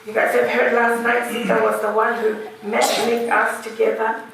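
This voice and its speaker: A woman's voice: a little high, completely flat delivery, normal speed, creaky, heavy background noise. A woman gives a heartfelt funeral eulogy, laughing through memories. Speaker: widow giving a eulogy. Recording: echoey hall, distant mic.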